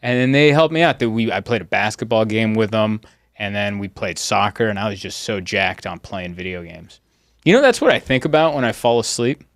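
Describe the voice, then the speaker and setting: A man in his thirties hosts a casual podcast chat, his pitch swinging up and down as he tells stories. He slips into loud, excited voices and then settles back down. The sound is dry and close to the mic. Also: a little fast, no room sound. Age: 30s. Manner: animated storyteller, jumps into loud excited voices. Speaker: comedian podcast host.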